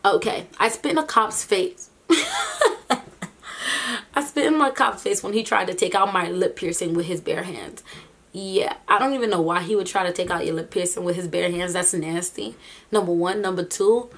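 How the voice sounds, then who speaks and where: A woman vlogger giving casual reaction commentary, animated and incredulous, often breaking into laughter between remarks. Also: on the low side, moderate pace.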